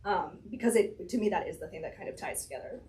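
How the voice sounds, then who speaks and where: A woman's voice: fairly low pitch, quick pace, a little mellow, a little hiss or hum, rough recording. A woman chatting as an author guest in an interview, thinking aloud, laughing often, her voice slightly strained. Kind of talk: casual conversational interview.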